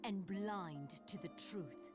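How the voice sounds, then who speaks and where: Woman playing a solemn young rebel leader, video game voice, slow grave sermonizing delivery, game score underneath. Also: medium pitch, close to an everyday voice. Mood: scornful. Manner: grave, preaching, measured. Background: game music.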